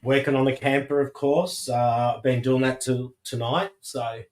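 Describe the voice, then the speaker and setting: A man chatting on a livestream, easygoing and a bit halting as he feels his way through with fillers. His voice comes through with a roomy echo. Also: mid-range voice, fairly even intonation, a little mellow. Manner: laid-back, halting with fillers. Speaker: livestream co-host. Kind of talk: casual chat.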